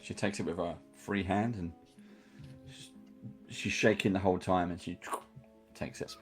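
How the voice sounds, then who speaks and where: A man running a tabletop game, describing a scene in a low, even voice with the odd hesitation. Faint music plays in the background. He narrates rather than performs. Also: a little slow, husky. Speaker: game master.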